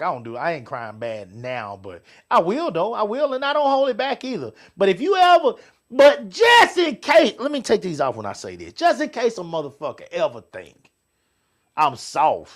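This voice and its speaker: A middle-aged man co-hosting a casual show, swearing freely and swinging between loud outbursts and quiet asides. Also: fairly high pitch, huge pitch swings, a little fast. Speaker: podcast co-host. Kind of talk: casual chat with listeners.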